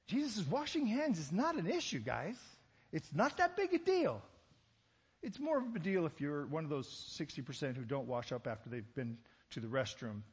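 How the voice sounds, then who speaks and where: Male pastor, sermon, fairly high and husky, joking asides, big echoing hall. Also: moderate pace. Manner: animated, rhetorical questions, joking asides.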